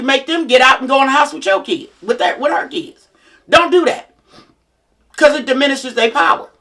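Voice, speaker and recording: A woman's voice: high voice, a bit bright. A woman, a mother of grown children, giving a blunt, plain-spoken motivational talk to single parents.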